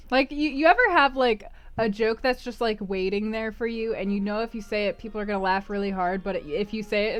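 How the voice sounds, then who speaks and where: A woman's voice: medium pitch, dry recording. A woman streamer chatting casually while she plays, rambling and laughing often. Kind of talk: casual chat while gaming.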